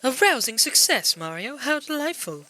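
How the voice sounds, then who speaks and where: A man voicing an elderly female creature who leads her village, in a high, thin, quavering old-lady voice. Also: sing-song, moderate pace, pushed and bright, full character voice. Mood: gracious.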